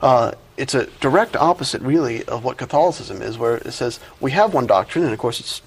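A man, a priest, explains doctrine methodically, listing examples one after another. His voice is somewhat husky. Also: mid-range voice, lively intonation, poor audio. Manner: measured, lists examples. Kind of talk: explanatory discussion.

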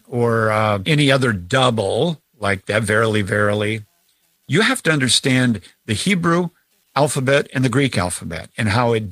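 A male scripture teacher explains a point of Bible language in a conversational way, with examples from daily life. His voice sits at an ordinary pitch, recorded dry and close. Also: a bit bright, no echo.

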